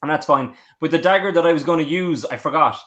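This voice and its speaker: A man co-hosts a podcast in quick, casual chat and laughs easily. His voice sits a little high, and the recording sounds dull and lo-fi. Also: a bit bright. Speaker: podcast co-host.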